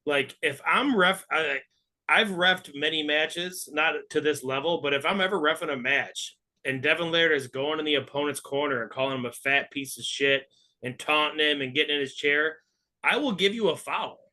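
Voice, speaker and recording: Brief: male podcast co-host, blunt and profane, bright, forceful tone. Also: on the high side, steady tone, moderate pace. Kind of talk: casual podcast chat.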